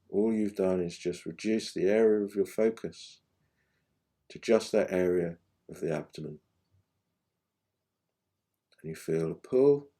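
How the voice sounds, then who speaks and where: Low, mellow-voiced man teaching meditation. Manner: gentle, unhurried, phrases trailing off softly. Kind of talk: guided meditation instruction.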